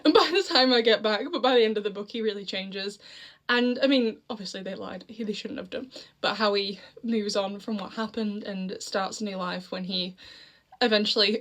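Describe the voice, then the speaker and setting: A woman's voice: mid-range voice, moderate pace, a bit bright. A young woman chatting casually about a book she read, laughing often and wandering into asides. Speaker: book reviewer. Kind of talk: casual book review vlog.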